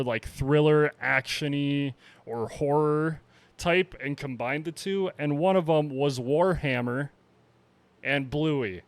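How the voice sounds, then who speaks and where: A man's voice: fairly high pitch, clear, resonant tone, no echo. Laughing male podcast co-host, dry sound. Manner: laughs often, loose rambling chat. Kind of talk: casual chat.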